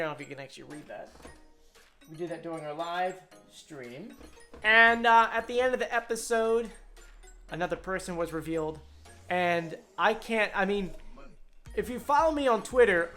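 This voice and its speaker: A woman vlogger giving an excitable, casual recap commentary, full of quick asides. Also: medium pitch.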